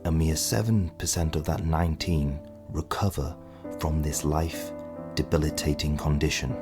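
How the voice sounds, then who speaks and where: A man's voice: a bass voice, steady tone. A man voicing a grave announcer in a spoof health advert. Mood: solemn. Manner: solemn, measured delivery. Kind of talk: mock advert voice-over. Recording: guitar music under the voice.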